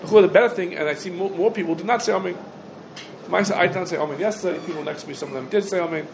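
A man with a slightly higher voice teaches an informal halacha class to a room of listeners. He keeps asking rhetorical questions and answering them himself. His speech is packed with Hebrew terms, with a faint hum of room noise behind him. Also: quick pace, low-quality recording. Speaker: Torah teacher.

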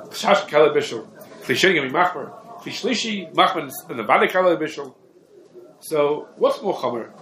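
Casting Male Torah teacher, fairly high voice, emphatic repeating delivery, echoey room with faint hum. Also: fairly bright tone. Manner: rapid, repetitive, emphatic teaching with heavy Hebrew terms. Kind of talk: halachic lecture.

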